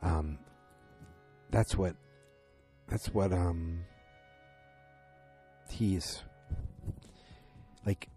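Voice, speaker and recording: A man's voice: low-pitched, extremely slow, long pauses, warm tone, soft background music. A man casually recapping a TV episode, rambling with fillers and restarts and acting out characters' lines. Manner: rambling, many fillers and restarts, acts out quotes.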